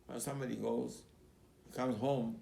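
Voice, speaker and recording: A man who is a rabbi, giving a Torah class as an animated storyteller who acts out quotes and repeats his key points. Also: mid-range voice, normal speed, creaky. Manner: emphatic, repeats key phrases. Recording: roomy recording with faint background noise.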